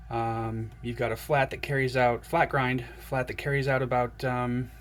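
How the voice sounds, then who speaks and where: Guy unboxing stuff for his vlog, super excited, keeps gushing to the viewers, bit of noise in the background. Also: mid-range voice. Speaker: knife collector vlogger.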